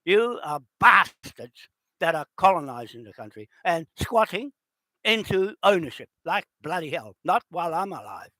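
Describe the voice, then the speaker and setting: A man delivers a furious, cursing rant, hammering his listeners with rhetorical questions. His voice sits a little higher than most men's. The recording is dry and close, with no room sound. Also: very animated, normal speed, pushed and bright, no echo. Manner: confrontational, heavily profane, rhetorical questions. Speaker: indigenous land claimant. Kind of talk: angry direct-to-camera rant.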